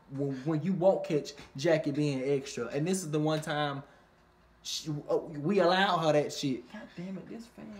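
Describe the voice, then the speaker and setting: A chatty, foul-mouthed reviewer runs through a reality-TV episode in a loose, animated way. The speech is packed with swearing and fillers, and the pitch sits in the middle. Every so often the voice shoots up into squealing impressions of the people on the show. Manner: animated, swears constantly, fillers like "you know what I mean"; jumps into high squealing impressions of others. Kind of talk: casual profane recap vlog.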